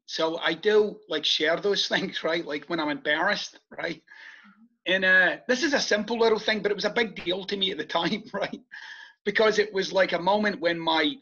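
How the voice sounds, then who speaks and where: A man's voice: sits high, vocal fry, bright, forceful tone, husky, lo-fi sound. A middle-aged Scottish man, an author being interviewed, telling stories casually and animatedly, laughing along as he talks. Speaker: author and podcast guest.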